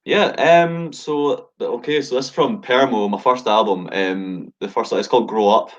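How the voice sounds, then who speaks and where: A man's voice: medium pitch, normal speed. A young Scottish man, a rapper, talking bluntly in a casual interview, swearing freely and leaning on fillers. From Scotland. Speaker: rapper guest. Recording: dull lo-fi sound.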